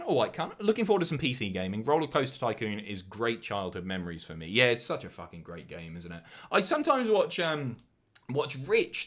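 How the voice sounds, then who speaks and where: A man's voice: mid-range voice, a bit bright. A young man with a Southern English accent, chatting casually and swearing freely as he reads out donation messages on a live stream. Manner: sweary, jokey, quick asides.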